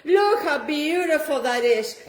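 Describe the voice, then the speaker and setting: Effusive high-voiced woman cooking in kitchen. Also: measured pace, a bit bright, reverberant, far from the mic, low-quality recording. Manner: effusive, repeats "beautiful" and "wonderful", drops Italian words. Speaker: cooking show host. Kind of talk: casual home cooking demonstration. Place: home kitchen.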